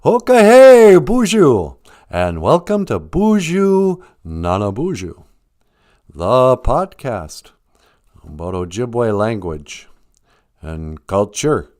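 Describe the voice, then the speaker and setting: A man hosts a livestreamed podcast from home, talking in an unhurried, drawn-out way. His pitch jumps around a lot as he teases and plays mock-serious. It is relaxed, joking chat. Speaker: podcast host.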